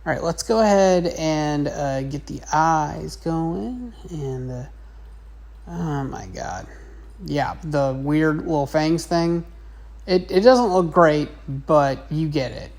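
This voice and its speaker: A woman's voice: low voice, slow pace, a little mellow. A woman teacher narrating a casual drawing lesson in a chatty, rambling way. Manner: chatty, rambling, with many fillers.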